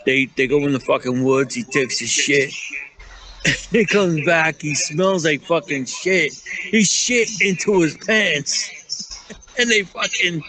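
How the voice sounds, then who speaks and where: A man's voice: on the high side, slow, sharp tone, poor audio. Profane New York man telling stories. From Staten Island, New York. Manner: profane, rambling, acts out quotes. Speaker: guest storyteller. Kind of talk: casual storytelling chat.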